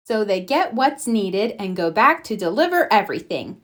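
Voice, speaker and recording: A woman reading a children's picture book aloud, slow and expressive. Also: mid-range voice. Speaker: storybook reader. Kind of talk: children's read-aloud narration.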